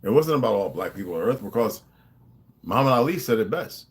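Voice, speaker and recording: A man's voice: lowish voice, lively intonation, brisk. A man delivering a profane, confrontational monologue, lecturing his viewers.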